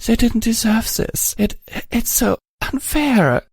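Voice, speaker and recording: A man's voice: extremely high pitch, animated, normal speed, gravelly, warm tone, husky, no room sound, clean studio sound, voice pushed up, full character voice. A man voicing a grieving young pony mare in a storybook reading, speaking in a choked, trembling way. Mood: tearful.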